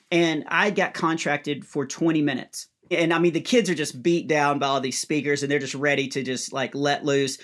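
A man's voice: a little high, moderate pace, few pauses. A middle-aged man, a comedian and guest, telling a comic story and acting out the lines of the people in it. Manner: lively storyteller who acts out other people's lines.

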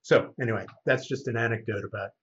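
A man's voice: on the low side, fast talker, husky, highs cut off. A man who works as a voice actor, telling anecdotes in a casual chat. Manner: animated anecdote teller. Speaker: voice actor guest.

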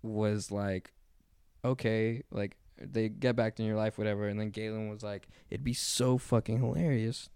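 Young man with a smooth voice, podcast guest. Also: fairly low pitch, steady tone, moderate pace, darkish tone, no room sound, clean studio sound. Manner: crude, joking, drawling. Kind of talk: casual podcast chat.

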